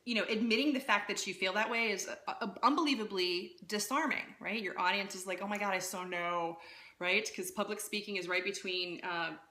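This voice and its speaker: A woman coaching public speaking in a casual live-streamed talk, lively and conversational, often checking in with "right?". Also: medium pitch, a little fast, few pauses, reverberant. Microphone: phone.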